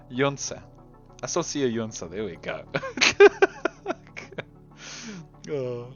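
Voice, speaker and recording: A man's voice: mid-range voice, huge pitch swings, slow, creaky. Man, gameplay commentator: bouncy, sing-song delivery, chuckles often, slips into mumbled asides; dull lo-fi sound over faint game music. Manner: chatty, giggly, trails off into quiet mutters. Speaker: game video host.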